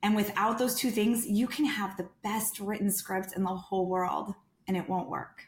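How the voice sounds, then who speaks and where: A woman guest on a podcast who speaks calmly and deliberately, with a soothing tone. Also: mid-range voice. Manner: calm, deliberate, soothing delivery. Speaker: sales director, guest. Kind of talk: podcast interview answers. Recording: roomy echo.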